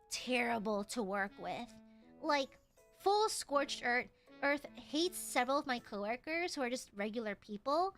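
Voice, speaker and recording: Animated, high-voiced woman streamer. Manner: animated, exclaiming, swears freely. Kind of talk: casual storytelling on a live stream.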